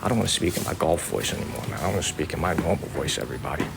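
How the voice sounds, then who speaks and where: A man's voice: extremely low pitch, animated, very fast, vocal fry, loud music behind the voice. An American man hosting a casual live-stream tour through an outdoor garden. He is chatty, repeats himself, and calls his viewers y'all. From United States. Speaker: livestream host and tour guide. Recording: noisy outdoor ambience.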